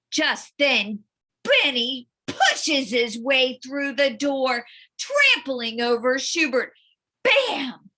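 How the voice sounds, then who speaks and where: A woman teacher reading a storybook to children, with lively sound effects and questions to the listeners. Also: high-pitched, drawn-out words. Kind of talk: storybook read-aloud for children.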